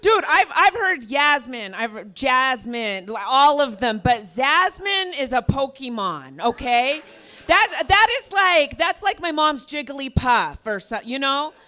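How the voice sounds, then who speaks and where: A woman's voice: high voice, big pitch swings, measured pace, bright, forceful tone. A woman from the American West doing a stand-up set on a comedy venue stage, with sarcastic, self-mocking punchlines. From American West (Arizona).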